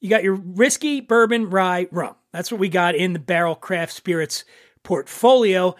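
A man's voice: high voice, normal speed, dry recording, studio quality. A man from Philadelphia with a Philadelphia accent, hosting a casual whiskey tasting chat, joking and restarting often. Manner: chatty, joking, many restarts. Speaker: podcast host.

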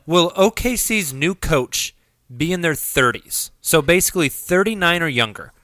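Male podcast host, bright forceful tone, dry close sound, upbeat casual chat. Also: a little high, animated, measured pace, no room sound. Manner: upbeat, leads the conversation and poses questions.

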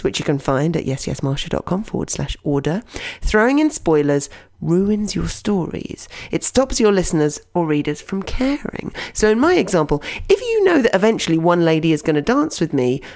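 A woman storytelling coach giving an audio blog lesson in a playful, direct manner. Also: medium pitch. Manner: animated, playful, direct to listener.

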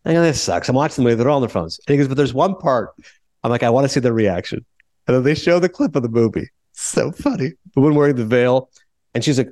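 A man's voice: medium pitch, sing-song, quick pace, darkish tone, dry recording. A man hosting a podcast, casually retelling film anecdotes with quoted voices and laughter. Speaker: podcast host. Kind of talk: casual storytelling chat.

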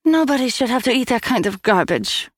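A woman voicing a defiant, rude young girl who shouts back at her stepmother. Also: fairly high pitch, expressive, brisk, dry recording, clean studio sound, pitched above the performer's own voice. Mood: sneering.

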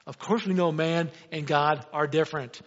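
A man's voice: a little high, steady tone, normal speed. Man, preacher, sermon, conversational, rhetorical questions, long hall reverb, muffled recording. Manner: conversational, asks rhetorical questions, acts out quotes.

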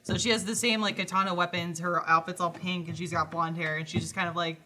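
Fast-talking woman with a bright voice. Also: lowish voice, fairly even intonation, a little hiss or hum. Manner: quick, enthusiastic, laughs often. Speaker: podcast co-host. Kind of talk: casual chat.

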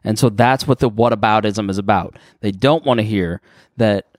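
A man's voice: on the low side, normal speed, dry recording, clean studio sound. A man co-hosting a podcast, arguing his point earnestly in casual chat. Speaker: podcast co-host.

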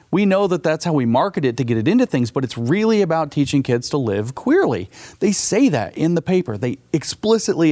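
A man's voice: on the high side, darkish tone, dry recording, studio quality. A man talking as a guest author on a talk show, emphatic and combative, building his points in punchy lists. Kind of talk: political talk show interview.

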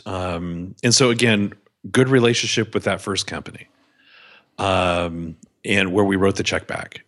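Candid low-voiced man telling business stories. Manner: candid, self-deprecating anecdotes. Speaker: business owner guest. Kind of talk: podcast interview storytelling.

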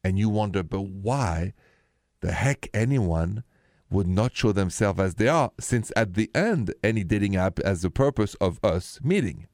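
A man's voice: lowish voice, expressive, unhurried, darkish tone, no room sound, studio quality. A man, hosting a late-night radio call-in show and confiding about his own dating life. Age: 50s. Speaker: radio host.

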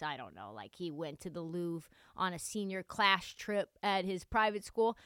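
A young woman hosting a solo sports podcast, talking in a sarcastic, animated, joking way. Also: mid-range voice, clear, resonant tone, no room sound, studio quality. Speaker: podcast host.

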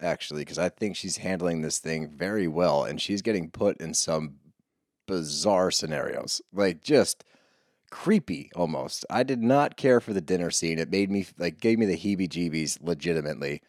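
A man's voice: low-pitched, moderate pace, darkish tone, dry recording, clean studio sound. A man co-hosting a podcast, teasing his partner and steering the casual reality TV chat back on track. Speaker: podcast co-host.

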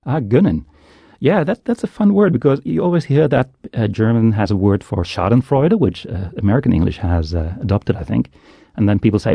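Dark, gravelly guest. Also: male voice, mid-range voice, very animated, brisk, no echo. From the Netherlands. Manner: thoughtful, explains words patiently with small hesitations. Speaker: linguist and journalist, guest. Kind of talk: interview over a studio line.

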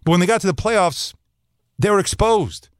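Animated man in a sports talk rant. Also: high-pitched, moderate pace, no room sound, studio quality. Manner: emphatic, animated, talks straight to listeners. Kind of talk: opinionated sports commentary monologue.

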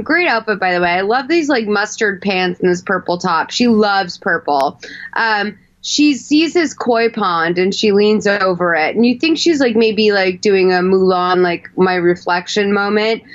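A woman hosting a podcast, recapping a movie in casual chat, animated and full of swearing. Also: medium pitch, highs cut off. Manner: animated, swears a lot, acts out characters. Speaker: podcast host.

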